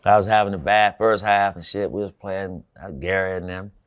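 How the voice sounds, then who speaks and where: A man's voice: sits low, fairly even intonation, moderate pace, smooth, dull audio. A man, a former basketball player, telling a profane, casual anecdote, cursing freely and acting out voices.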